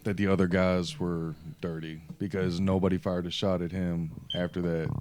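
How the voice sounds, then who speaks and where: Chill opinionated dude, a bit low, faint hiss in the background. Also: male voice, little pitch movement, normal speed, a little mellow. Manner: blunt, opinionated, laid-back. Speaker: podcast co-host. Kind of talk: casual film discussion.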